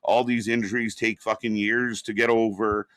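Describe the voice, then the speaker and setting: A man's voice: on the low side, little pitch movement, normal speed, fairly bright tone, dry recording, studio quality. A man hosting a casual wrestling talk show, ranting bluntly with plenty of swearing. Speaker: wrestling commentary host. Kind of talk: casual podcast chat.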